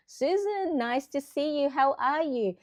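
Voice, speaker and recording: A woman's voice: high voice, lively intonation, measured pace, a little mellow. A middle-aged woman hosting a casual live stream, chatting and greeting viewers by name. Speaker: planner channel host.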